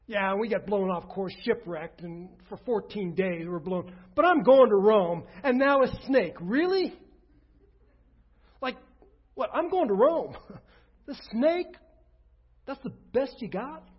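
Preacher putting on a defiant, unfazed male apostle, high husky voice, dull lo-fi sound. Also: fairly even intonation, a little slow, hardly any pauses. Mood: incredulous. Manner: incredulous, mocking.

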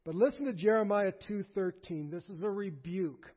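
A man preaches with a fairly high voice, pressing hard on repeated phrases as his force builds. The recording is muffled and lo-fi. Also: normal speed. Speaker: pastor. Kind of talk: sermon.

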